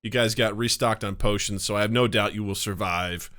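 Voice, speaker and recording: A man's voice: fairly low pitch, steady tone, a little fast, fairly bright tone. A man from the United States co-hosting a casual podcast, jokey and laughing often. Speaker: podcast co-host and game master.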